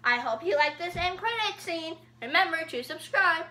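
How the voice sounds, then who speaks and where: A woman's voice: very high-pitched, animated, moderate pace, pushed and bright, pitched above the performer's own voice, full character voice. A female speaker voicing a cheery talking flower in a sweet, sing-song, upbeat way.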